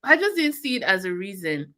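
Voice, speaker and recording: Bright-voiced Nigerian woman reviewing a film. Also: mid-range voice, fairly quick, a little hiss or hum. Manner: animated, laughing retelling. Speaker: movie review co-host. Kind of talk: casual chat.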